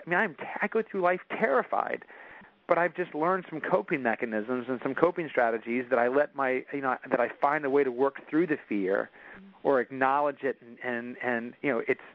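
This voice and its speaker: A man's voice: medium pitch, normal speed, no echo. A man as an interview guest, telling a personal story in earnest with frequent restarts. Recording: dull dry recording.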